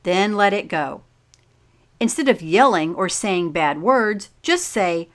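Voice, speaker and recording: A woman reading a children's picture book aloud as a teacher, pausing to ask the listeners simple questions. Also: medium pitch, expressive. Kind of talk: slow read-aloud storytime with questions.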